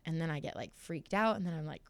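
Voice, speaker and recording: A woman's voice: low voice, fast, creaky, dry recording. A young woman guest in a studio interview, telling her story candidly and acting out what others said. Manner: candid, animated storytelling, acts out quotes. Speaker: guest fighter. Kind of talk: casual interview chat.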